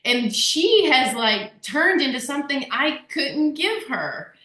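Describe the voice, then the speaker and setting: A woman co-hosting a workshop discussion, talking in an animated, rambling way and laughing often. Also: high voice, slow pace. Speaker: workshop co-host. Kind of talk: casual group discussion. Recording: echoey room.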